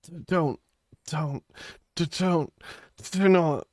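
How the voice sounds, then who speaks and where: A man live-streaming in casual chat, flustered and pleading, saying he is tired and a little high, who repeats words in bursts. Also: extremely slow, darkish tone, no echo, studio quality.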